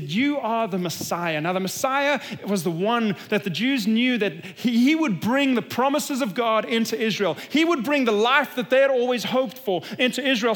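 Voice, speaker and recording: A man delivers an earnest, emphatic sermon in a high-pitched voice. He often drops low and quiet to drive a point home. His words ring out with the long reverb of a large hall. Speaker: pastor.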